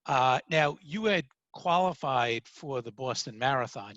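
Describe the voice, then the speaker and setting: Chatty New host, dry sound. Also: male voice, mid-range voice, moderate pace, dry recording. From Brooklyn, New York. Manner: chatty, animated storyteller. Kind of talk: interview conversation. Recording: dry close recording.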